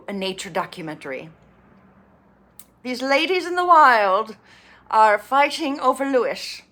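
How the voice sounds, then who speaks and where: A woman's voice: medium pitch, a bit bright. A woman casually recapping a reality dating show, playful and sarcastic, acting out the cast's quotes.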